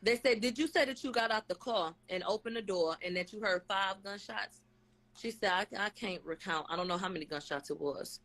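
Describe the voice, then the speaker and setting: Woman vlogger, casual recap, blunt and profane, average pitch. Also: brisk, a bit bright. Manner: blunt, profane, slangy, quotes testimony in acted voices. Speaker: vlogger recapping a court case.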